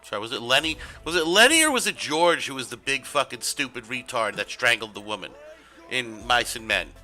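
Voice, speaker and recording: A male streamer rambles through casual commentary while he plays, sarcastic and freely profane. His voice sits at an ordinary pitch but sounds very bright and cutting. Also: expressive, fairly quick, soft background music. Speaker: game streamer.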